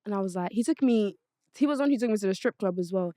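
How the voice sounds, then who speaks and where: Young woman podcast host, fast blunt storyteller, dry close mic. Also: medium pitch, no room sound. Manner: blunt, swears freely, animated storytelling. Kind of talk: casual chat, storytelling.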